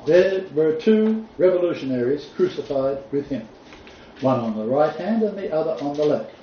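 A man preaching a sermon, reading scripture aloud and stressing key points with deliberate emphasis. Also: fairly high pitch, animated, a little hiss or hum. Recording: distant mic, roomy echo, dull sound.

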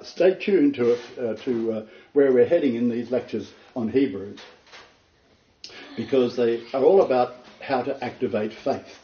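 An older man giving an informal sermon lecture, earnest and emphatic, his pitch leaping on stressed words between rambling asides. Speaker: preacher giving a Bible lecture. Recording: roomy, distant, dull lo-fi.

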